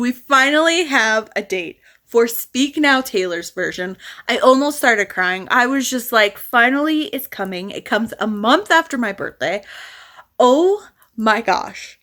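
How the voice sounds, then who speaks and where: A woman chatting casually to camera in a reading vlog, rambling and excitable with lots of restarts. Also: a little high. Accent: Southern US. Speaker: reading vlogger.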